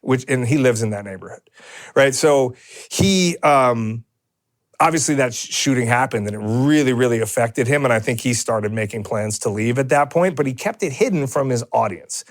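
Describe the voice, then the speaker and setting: A man's voice: medium pitch, normal speed. A man co-hosting a podcast in a studio, rambling in casual chat with many restarts and fillers. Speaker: podcast co-host.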